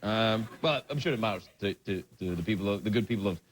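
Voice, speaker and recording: A man's voice: on the low side, quick pace. A man hosting a late-night talk show, reading viewer mail with a rambling, playful manner and frequent laughter. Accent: Scottish. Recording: TV studio with loud audience noise. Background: audience laughter.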